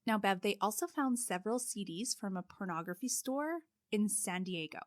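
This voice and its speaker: A woman's voice: mid-range voice, moderate pace, no echo. Woman narrating a case, dry close sound. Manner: steady storytelling with frequent "like" fillers. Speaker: podcast co-host telling the case. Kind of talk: casual true-crime podcast narration.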